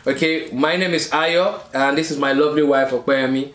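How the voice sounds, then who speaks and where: A man in his thirties who works as a marriage coach co-hosts a casual mukbang chat with a slightly high, steady, fairly bright voice at normal speed. His talk is earnest and preachy, with check-ins for viewers, and the room is echoey.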